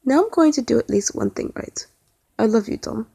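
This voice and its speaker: A hopeless young man speaks softly and calmly, his voice flat with resignation, as a woman reads him in a storybook. The recording is close and dry. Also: a little high, a little fast, gravelly, husky, no echo, exaggerated voice. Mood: resigned.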